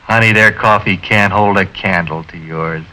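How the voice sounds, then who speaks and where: An actor playing a blunt, demanding husband in an old coffee commercial. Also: male voice, sits low, moderate pace, bright, forceful tone, rough recording. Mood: pleased. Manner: blunt, complaining.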